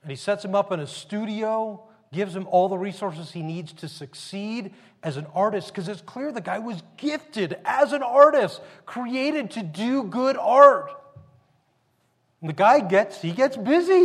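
A man's voice: high voice, slightly rough, long reverb tail. A man preaching a sermon in a conversational storytelling manner, often restarting his sentences. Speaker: pastor.

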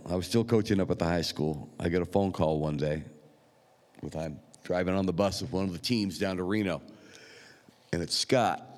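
A pastor with a deep, low voice tells stories in his sermon, speaking to the congregation as if chatting with friends. He's unhurried and conversational, pausing often and filling gaps with small hesitations, while his words echo with long reverb through a large church sanctuary.

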